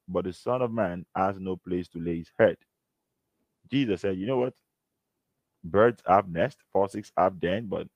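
A man's voice: low-pitched, darkish tone, no room sound. A man preaching a sermon, earnest and emphatic, reading and quoting scripture. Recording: dull, slightly lo-fi.

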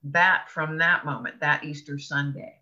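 A woman's voice: sits low, fairly even intonation, a little slow, bright, forceful tone. A woman guest on an interview show, telling a personal story earnestly and with laughs between thoughts. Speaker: podcast guest, author. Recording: dull lo-fi audio.

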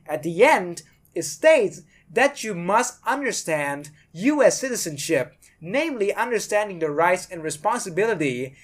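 A woman's voice: mid-range voice, sing-song, moderate pace. A woman hosting a podcast, giving blunt, sarcastic commentary and swearing freely. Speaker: podcast host.

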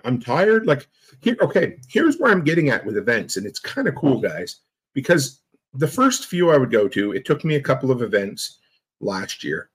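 A husky-voiced man hosts a live stream, recounting stories with a joking, animated delivery. His pitch swings widely as he talks, and his tone stays loose and conversational. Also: rough recording. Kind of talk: casual chat.

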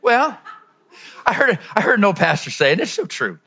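A man preaching a lively sermon as pastor, dropping to low asides and rising to shouted peaks. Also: normal speed, gravelly, husky, muffled recording.

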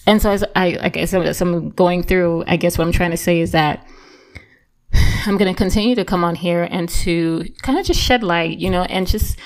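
A woman's voice: fairly low pitch, normal speed. A woman giving a casual Christian devotional talk, earnest and encouraging, chatty with lots of fillers and restarts. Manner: conversational, full of fillers and restarts. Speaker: Christian teacher.

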